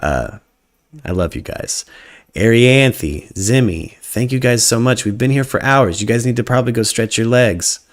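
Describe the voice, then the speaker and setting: A man's voice: medium pitch, moderate pace. A young man hosting a live stream, chatting casually with jokes, swearing and hyped-up banter. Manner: joking, profane, hyped-up banter.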